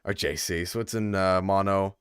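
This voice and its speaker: A man's voice: sits low, moderate pace, smooth, no room sound, studio quality. A young man casually commentating a game tournament on a stream, chatting with viewers. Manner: chatty, lively, talks to the chat. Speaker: tournament caster.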